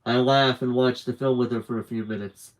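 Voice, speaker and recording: A man reads a novel aloud to a live audience, narrating in the first person. His delivery is earnest, plain and steady, at a middle pitch for a man. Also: fairly quick, rough recording. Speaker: book reader. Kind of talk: live book reading.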